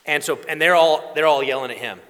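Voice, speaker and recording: Male preacher, animated sermon delivery with acted asides, recorded in a reverberant hall. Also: on the high side, a little fast. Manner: animated storytelling, acts out quoted voices.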